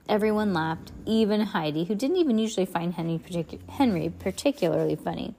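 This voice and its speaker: A woman reading a children's chapter book aloud at home, expressive and chatty, with playful asides to a young listener. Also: fairly low pitch, a little fast, creaky, hardly any pauses, slight background noise. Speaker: reader of children's books.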